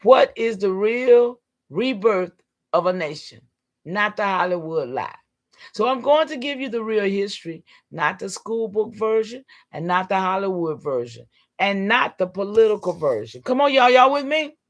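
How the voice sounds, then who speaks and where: A woman, hosting a livestream and preaching emphatically to her viewers in call-and-response style, sometimes breaking into shouts. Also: medium pitch, lively intonation, normal speed. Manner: emphatic, repeatedly rallying listeners with "come on, y'all". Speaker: livestream host.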